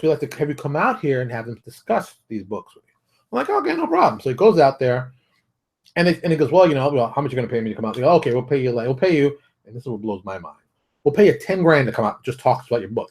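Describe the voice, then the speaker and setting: A man's voice: mid-range voice, a little mellow, husky. A middle-aged man hosting his own games industry show, talking in an emphatic, ranting way, repeating himself and acting out quotes. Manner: emphatic, rants, repeats phrases, acts out quotes. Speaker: host of a daily tabletop games industry show. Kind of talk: casual solo monologue.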